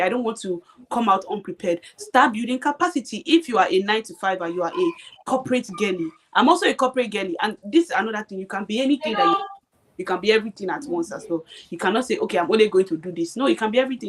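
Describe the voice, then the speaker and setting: A woman's voice: mid-range voice, slight background noise. A young woman guest on a live stream, speaking emphatically and repeating her points, often checking that she is understood. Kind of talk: motivational live-stream chat.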